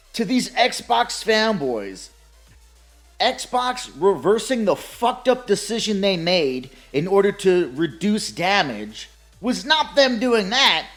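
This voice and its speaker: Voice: mid-range voice, big pitch swings, slow pace, fairly bright tone, soft background music. A gaming commentator ranting in a sarcastic, profane way, laughing often and mocking others in put-on voices. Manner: mocks opponents with put-on quoted voices.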